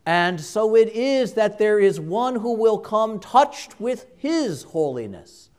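A man preaching a sermon, slow and emphatic, with dramatic pauses and quiet hushed drops. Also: sits high, very animated.

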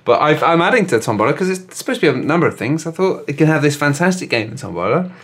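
A man's voice: fairly high pitch, big pitch swings, fast talker. A man co-hosting a comedy podcast, rambling through a story in a self-deprecating way. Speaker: podcast co-host. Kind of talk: casual comedic chat.

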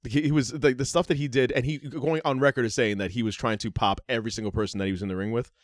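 A man's voice: medium pitch, fairly even intonation, racing, no room sound, studio quality. A man co-hosting a podcast, reading wrestling news items aloud and adding joking asides. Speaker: podcast co-host. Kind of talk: casual wrestling news chat.

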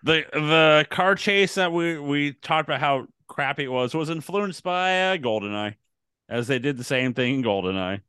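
A man co-hosting a casual movie podcast, talking hesitantly and filling his pauses with "um" and "uh". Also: on the high side, bright, forceful tone, smooth, dry recording. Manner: hesitant, many fillers. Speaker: podcast co-host.

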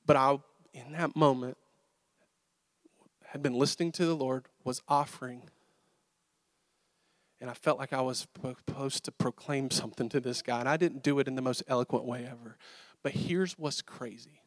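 A man preaching a sermon, telling stories in a casual, animated, conversational way. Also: medium pitch, normal speed, pauses often, no echo, clean studio sound. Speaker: pastor.

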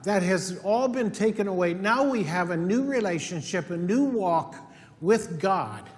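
A man's voice: high-pitched, lively intonation, measured pace. A middle-aged male pastor preaching a sermon in an earnest, emphatic way, repeating his key points. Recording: long hall reverb.

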